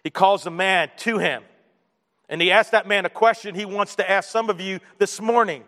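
A man preaching a sermon, telling stories in an animated way and dropping to a quiet voice for emphasis. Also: sits high, normal speed, big-room sound. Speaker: pastor.

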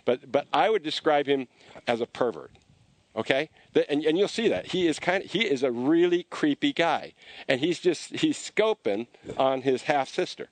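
A man telling a story in a conversational sermon, animated and often restarting his sentences. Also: a little high, moderate pace, no echo. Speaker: preacher.

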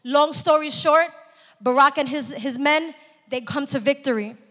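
A woman preacher delivering a sermon, calling for amens and building to shouted exhortations. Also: high voice, a little slow, in a large hall. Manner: call-and-response, rising to shouts.

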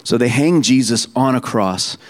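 A man's voice: medium pitch, moderate pace. Man preaching a conversational sermon. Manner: conversational preaching with frequent restarts and asides. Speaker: pastor.

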